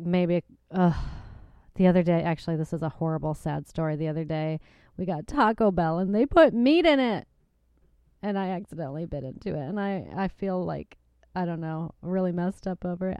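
A woman's voice: on the low side, darkish tone, clean tone, no echo. A woman hosting her podcast from home at a microphone, chatting casually in a bubbly, giggly, gushing way. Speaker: podcast host. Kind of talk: casual chat. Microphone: desk microphone.

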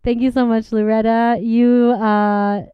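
A woman's voice: fairly high pitch, level tone, slow, smooth, dry recording. A woman hosting a casual comedy chat, encouraging and supportive toward her guest. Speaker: host. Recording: dull lo-fi recording.

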